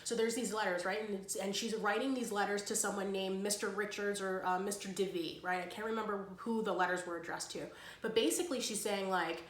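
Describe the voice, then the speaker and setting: A woman's voice: medium pitch, steady tone, brisk. A woman casually summarizing a story, rambling, with slang and lots of fillers. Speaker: book vlogger. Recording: roomy echo.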